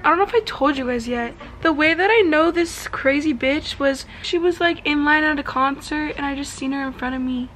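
Giggly high-voiced young woman vlogging. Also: a little fast, few pauses, a little hiss or hum, rough recording. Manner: loud, giggly and chatty, swearing a lot. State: hoarse after days of drinking. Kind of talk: casual vlog chat. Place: home.

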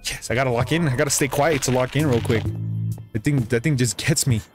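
A man streaming a game, talking casually and reacting with excited exclamations and sudden high yelps. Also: a little fast. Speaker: gaming streamer. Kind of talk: casual gameplay commentary. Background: background music.

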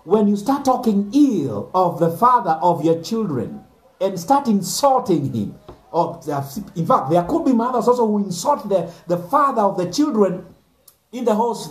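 A man, a pastor giving an earnest sermon message, repeating phrases for emphasis. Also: sits high. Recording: echoey room.

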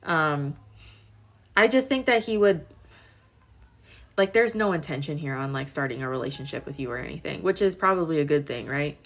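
A woman's voice: low voice, expressive, moderate pace, pauses often, fairly bright tone. A young woman in her twenties doing a casual live-stream tarot reading, chatty and full of filler words while she talks to viewers. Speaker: tarot reader.

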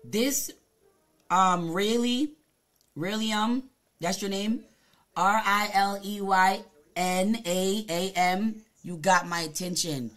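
A woman's voice: mid-range voice, takes it slowly, a bit bright, faint music behind. A woman live-streaming, telling a story and cursing out a viewer in the comments in a heated, profane, confrontational way. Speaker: Twitch streamer.

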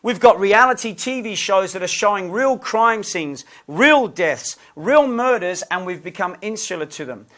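High-voiced man telling stories in a lesson. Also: normal speed, hardly any pauses. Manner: lively anecdotal, conversational asides. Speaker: preacher and lecturer. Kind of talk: lesson with humorous storytelling.

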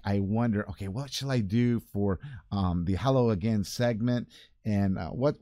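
An older man, a pastor hosting a weekly video segment, chats casually from his church office in a mid-range, darkish voice. He rambles and corrects himself, and the studio-quality recording has no room sound.

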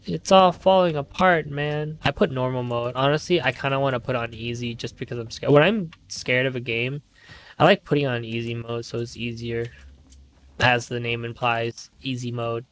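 A man's voice: mid-range voice, fairly even intonation, normal speed, a bit bright, a little hiss or hum. Jumpy, swearing male game streamer. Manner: jumpy, rambling and nervous, swearing often. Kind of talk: live gameplay commentary.

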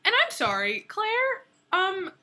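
A woman's voice: very high-pitched, huge pitch swings, takes it slowly, pushed and bright. A young woman co-hosting a casual fan review of a TV episode, gushing and quoting characters in mock voices.

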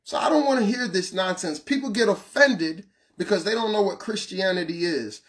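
A man preaching a passionate sermon, asking the listener questions and shouting some lines. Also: high-pitched, moderate pace. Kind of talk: fiery street-style sermon.

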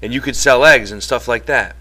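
A wary ranch worker describes a dream farm in rough, plain rural speech, as a man reading an audiobook voices him. His voice is bright and guarded. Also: medium pitch, expressive, normal speed.

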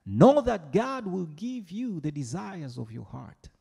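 A male pastor delivers a lively sermon, his fairly high voice swooping up and down. His words ring out with a long reverb from a large church hall. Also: slow, vocal fry, husky. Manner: animated preaching, mimics congregation voices.

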